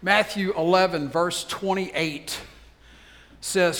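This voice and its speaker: An older man, a pastor, preaching a sermon with a folksy story and then leading a slow, earnest prayer. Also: mid-range voice, fairly bright tone, big-room sound.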